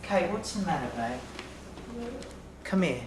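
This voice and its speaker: A man's voice: high voice, very animated, slow, background noise. Soothing man, echoey room. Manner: comforting, soothing, stammers. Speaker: father. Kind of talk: candid reality TV chat.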